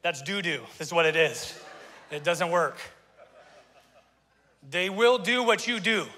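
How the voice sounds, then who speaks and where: An excitable male pastor preaching in a high, bright voice, folksy and a bit out of breath. He stumbles and doubles back on his words as he goes. The sound carries a long reverb from a church sanctuary. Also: takes it slowly. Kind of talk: energetic sermon.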